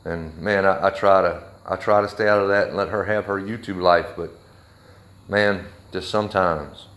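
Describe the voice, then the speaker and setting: A man ranting heatedly on a livestream from his workshop, blunt and forceful. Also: low-pitched, fairly even intonation, normal speed. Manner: heated, blunt, with a Southern drawl of words. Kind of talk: angry live video rant.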